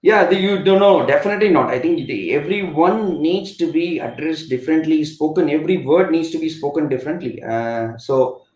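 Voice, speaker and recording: A man's voice: a little high, fairly quick, hardly any pauses, darkish tone. A middle-aged man with an Indian English accent, a former cricketer telling stories as a guest in a live online interview, rambling with many fillers and restarts. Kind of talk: conversational storytelling on a live web interview. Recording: roomy echo.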